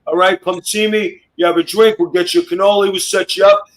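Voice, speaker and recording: Brash man, high voice, profane mock-mobster roasting style. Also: steady tone, a little fast, low-quality recording. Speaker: guest on a wrestling podcast.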